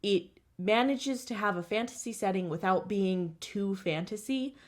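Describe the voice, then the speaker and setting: A woman's voice: mid-range voice, normal speed. A woman co-hosting a podcast, chatting casually about a movie, mostly agreeing and adding thoughtful points. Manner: agreeable, short replies, thoughtful. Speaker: podcast co-host. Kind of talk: casual chat, movie review.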